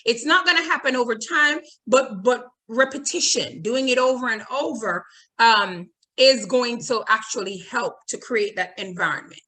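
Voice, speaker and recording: A woman's voice: on the high side, normal speed, bright, forceful tone. A woman leading an online teacher training, repeating her points and checking in with "okay?" and reading audience comments aloud. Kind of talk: webinar presentation.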